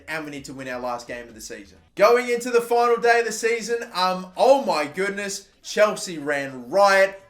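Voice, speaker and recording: A man with an Australian accent commentating his own football video game session, excitable and swearing often, shouting at his players. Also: on the high side. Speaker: gaming YouTuber. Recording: echoey room with faint background noise.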